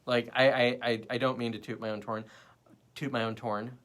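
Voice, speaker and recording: At normal speed and mid-range pitch, this young man runs a laid-back livestream. He's rambling and animated, bouncing between topics and the comment chat.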